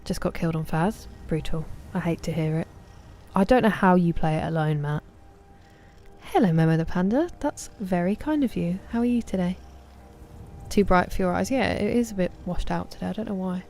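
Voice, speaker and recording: She streams a game in an English accent, her voice on the low side at normal speed, chatting easily and warmly naming viewers as she greets them, at times dropping to a whisper. There's a little hiss or hum in the background.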